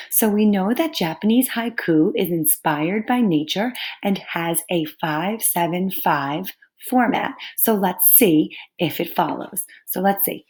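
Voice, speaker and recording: A woman teaching young children in a recorded lesson, speaking slowly and patiently. Her voice sits a little low, and she sounds out each word with care. Her delivery is kind and clear. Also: lively intonation, darkish tone. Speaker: third grade teacher.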